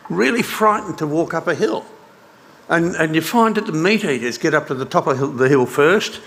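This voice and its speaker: Older Australian male speaker, dry mocking tone, slightly high voice, faint room hiss. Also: pushed and bright. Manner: sardonic, mocking asides. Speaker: conference speaker. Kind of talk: conference speech.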